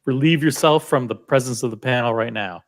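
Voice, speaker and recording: A man co-hosting a stream panel, making measured, wry remarks in casual chat. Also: medium pitch.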